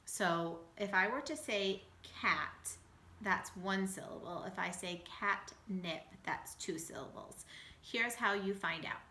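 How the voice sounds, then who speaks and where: Slow, bright-voiced woman teaching phonics. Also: mid-range voice, animated. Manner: slow, patient, sounding out words. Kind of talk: phonics lesson for young children. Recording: echoey room.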